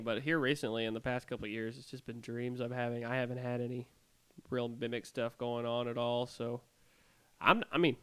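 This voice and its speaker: A man co-hosting a podcast, casually rambling through eerie personal experiences in an animated way. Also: mid-range voice, clear, resonant tone. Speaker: podcast co-host. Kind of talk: casual storytelling.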